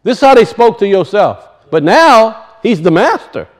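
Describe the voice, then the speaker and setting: A man with a high voice and big pitch swings preaches a sermon at normal speed, reading scripture aloud. He asks his listeners pointed questions and often repeats words for emphasis, and the recording is rough.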